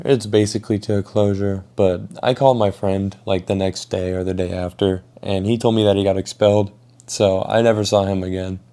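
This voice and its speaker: A young man telling a school story in a casual, profane, animated way. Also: lowish voice. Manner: casual, swears a lot, animated retelling. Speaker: vlogger.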